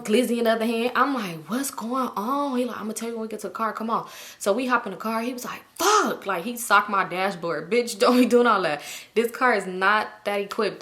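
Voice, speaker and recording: A woman, telling a story in a casual vlog and acting out everyone's lines with big jumps in her voice. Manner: animated, acts out quotes with big pitch jumps. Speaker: storytime vlogger.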